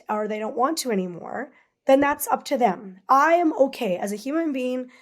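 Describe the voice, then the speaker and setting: A woman's voice: high-pitched, animated, moderate pace. A woman in her forties from Canada, a podcast guest speaking candidly and rambling, with lots of "like.". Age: 40s. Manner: candid, rambling, leans on filler "like". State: tearful at times.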